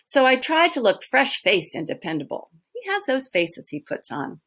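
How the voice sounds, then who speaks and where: Expressive woman reading aloud to students. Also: sits high, normal speed. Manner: expressive, explanatory. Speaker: teacher.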